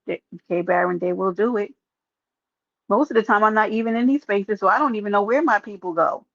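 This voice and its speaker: Woman streamer, mid pitch, lively and direct, on a dry, slightly muffled home mic. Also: brisk, vocal fry, dry recording. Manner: animated, talks straight to chat, calls out viewers by name. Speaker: live streamer. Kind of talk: casual opinion livestream.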